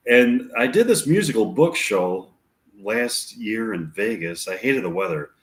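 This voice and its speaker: A man's voice: fairly low pitch, expressive, measured pace. A chatty young actress eagerly lists her stage credits, read by a man in his own voice. The room adds a noticeable echo, which sounds like a home read-through. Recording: roomy echo.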